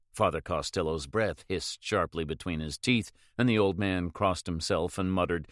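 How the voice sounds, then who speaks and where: A man reading a thriller novel aloud as an audiobook narrator in a measured, steady way. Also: low voice, no echo, clean studio sound.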